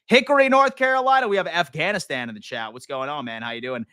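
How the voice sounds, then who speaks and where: A man's voice: mid-range voice, animated, quick pace, sharp tone, dry recording, clean studio sound. A young man from Western New York hosting a casual football live stream, loose and profane, greeting his chat as he talks. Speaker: sports live stream host.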